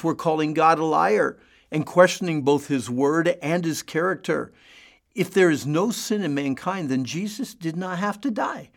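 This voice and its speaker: A man's voice: fairly high pitch, creaky. A man giving an earnest radio Bible teaching, preaching in repeated building phrases.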